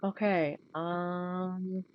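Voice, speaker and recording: A woman streamer from the American South with a notably low, deep voice chats casually at her desk mic. Her banter is dry and teasing. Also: flat delivery, very slow, muffled recording, a little hiss or hum.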